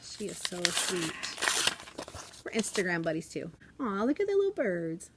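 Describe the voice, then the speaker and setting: A woman's voice: on the low side, sing-song, moderate pace, fairly bright tone, a little hiss or hum. Bubbly, giggly woman teacher chatting. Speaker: elementary school teacher. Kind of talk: casual classroom vlog chat. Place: at her desk in a classroom.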